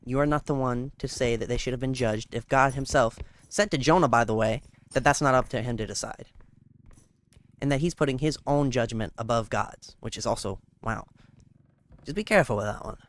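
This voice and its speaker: Earnest man gently reasoning about faith. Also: medium pitch, fairly quick. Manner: earnest, gently cautioning, explains scripture. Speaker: Christian streamer. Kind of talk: casual faith chat while gaming.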